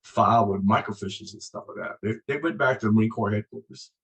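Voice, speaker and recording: A man's voice: on the low side, quick pace, vocal fry, low-quality recording. A man in his sixties, originally from Vietnam, telling stories as an interview guest and acting out the voices he quotes. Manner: animated storyteller, acts out quoted voices. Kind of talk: casual storytelling interview.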